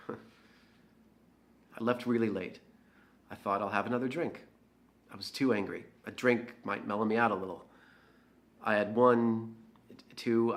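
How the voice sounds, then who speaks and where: A man's voice: lowish voice, a bit bright, lightly acted. An actor playing a bitter, jealous young man who has been drinking, confessing in a dramatic monologue for an audio drama. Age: young adult. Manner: sullen, defensive confession.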